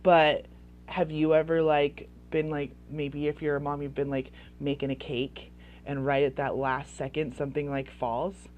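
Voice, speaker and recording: A woman's voice: sits low, little pitch movement, normal speed, highs cut off, a little hiss or hum. A woman coaching parents in casual advice talk, chatty and full of "like" fillers. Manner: chatty, heavy use of "like" fillers.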